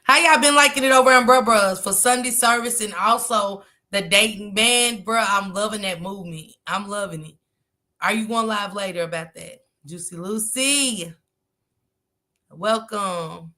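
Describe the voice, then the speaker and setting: A woman's voice: mid-range voice, measured pace, bright, forceful tone. A woman hosting a casual livestream, chatting and greeting viewers by name in a slangy, chatty manner. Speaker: livestream host.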